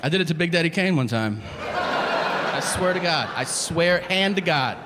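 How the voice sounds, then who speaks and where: A male stand-up comedian in his forties, telling animated, profane stories on a club stage and slipping into voices for the people in them. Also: on the high side, a little slow, long reverb tail, a loud crowd. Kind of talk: stand-up routine. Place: comedy stage before a laughing audience. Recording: noisy live club recording.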